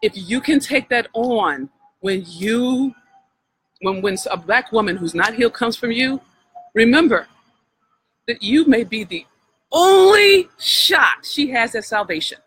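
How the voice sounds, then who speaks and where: A woman's voice: fairly high pitch, expressive, measured pace, fairly bright tone, slightly rough, rough recording. A woman coach giving a heartfelt, preacher-like healing talk on a live stream, speaking directly to her listeners. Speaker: spiritual wealth coach.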